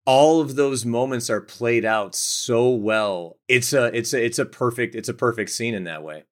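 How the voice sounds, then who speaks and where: A man's voice: mid-range voice, normal speed. A man co-hosting a podcast, talking casually about a movie and often restarting his sentences. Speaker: podcast co-host. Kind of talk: casual film discussion.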